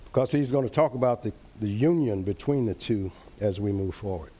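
A man leading an interactive Bible study, teaching earnestly, repeating key phrases and reading verses slowly. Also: fairly low pitch, dark tone.

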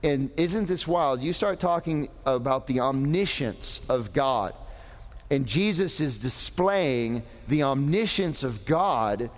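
A male preacher teaches young people in a slow, deliberate delivery, his fairly high voice rising and falling widely. He talks in an animated way and quizzes his listeners. The room carries a long reverb. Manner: animated, asks the audience questions. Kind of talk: lively sermon.

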